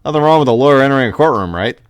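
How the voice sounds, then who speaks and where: A man's voice: mid-range voice, animated, very fast, clean tone, no room sound, lightly acted. A man voicing a confident young male lawyer with a wry, matter-of-fact delivery, in a game playthrough.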